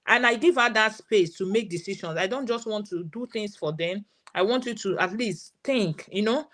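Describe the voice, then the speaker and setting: A woman's voice: medium pitch, a bit bright. A woman in her thirties with a Nigerian English accent, telling a story as a parent guest in a live session and quoting her daughter's words.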